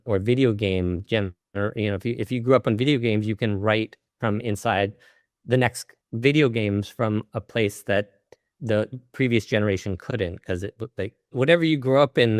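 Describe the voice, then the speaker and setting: A man being interviewed over a video call, answering in a halting, searching way with many restarts. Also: on the low side, dry recording, studio quality. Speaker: interview guest, filmmaker. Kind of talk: casual conversational interview. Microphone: video call microphone.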